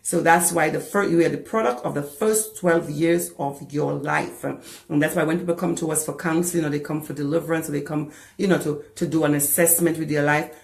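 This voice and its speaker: A woman's voice: low voice, fairly even intonation, fairly quick, vocal fry, a little mellow, reverberant. A woman from the Caribbean preaching a sermon as a pastor, passionate and repeating phrases for emphasis. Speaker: pastor and deliverance minister.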